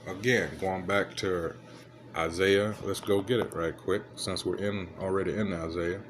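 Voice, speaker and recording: A man casually reading news articles aloud and commenting, halting and muttering asides as he fumbles with his device. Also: low voice, fairly even intonation, noisy background.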